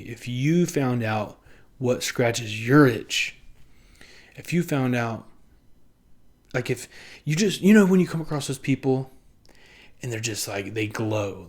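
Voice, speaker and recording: Rambling, laughing young man. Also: medium pitch. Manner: rambling, profane and self-mocking, often laughing; acts out other people in quick put-on voices. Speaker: vlogger. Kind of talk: casual monologue to camera.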